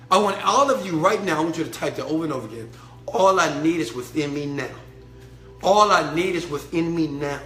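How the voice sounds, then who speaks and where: High bright motivational speaker, echoey. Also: male voice, a little fast. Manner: preachy and emphatic, swinging from low murmurs to shouted chants; blunt and profane. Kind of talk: fired-up motivational talk to an online audience. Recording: echoey room with faint music.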